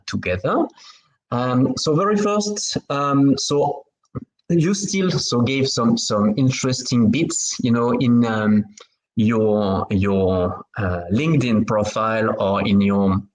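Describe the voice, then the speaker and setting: A man's voice: medium pitch, low-quality recording. A man with a French accent hosting an interview podcast, talking with many fillers and restarts. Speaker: podcast host.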